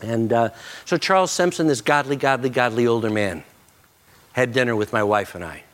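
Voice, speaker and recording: Middle-aged male pastor preaching earnestly, leaning soft and slow on key lines. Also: medium pitch. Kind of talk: sermon.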